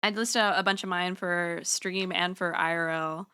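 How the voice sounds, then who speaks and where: Bright, clear-voiced woman streamer. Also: lowish voice, steady tone, moderate pace. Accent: put-on Southern US drawl for part of the stream. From Washington State, US. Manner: chatty and playful, talks straight to viewers, laughs often. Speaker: livestreamer and artist. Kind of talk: casual chat while drawing on stream.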